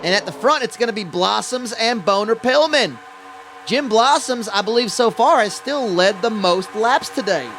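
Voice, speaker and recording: Rambling high-voiced male race commentator. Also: animated, normal speed, fairly bright tone, slight background noise. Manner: rambling, folksy, stumbling over words. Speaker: play-by-play commentator.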